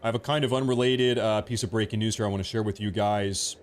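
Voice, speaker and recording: A man's voice: fairly low pitch, steady tone, quick pace, a little hiss or hum. A man hosting a political livestream from home, talking casually, joking and repeating himself as he rambles. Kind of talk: casual live commentary.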